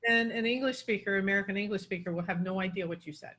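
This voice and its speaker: A woman's voice: medium pitch, fast talker, a bit bright. A woman coaching pronunciation, explaining word stress and demonstrating it on example words.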